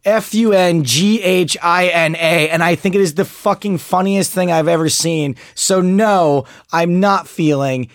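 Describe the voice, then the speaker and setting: A man's voice: sits high, unhurried, few pauses, no echo. Joking man in his forties, dry studio sound. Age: 40s. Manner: joking, rambling, laughs at his own lines. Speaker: podcast co-host. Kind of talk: casual chat.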